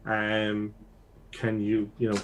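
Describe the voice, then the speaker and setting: Slow hesitant male player. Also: lowish voice, monotone. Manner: hesitant, many ums. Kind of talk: playing a tabletop game.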